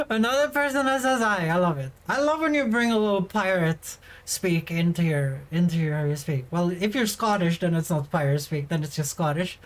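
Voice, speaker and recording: A young woman in a casual livestream chat, talking straight to her viewers from a home streaming setup. She giggles often and answers messages with chatty, easygoing replies. Her voice sits at an ordinary middle pitch for a woman. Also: rough recording. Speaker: VTuber livestreamer.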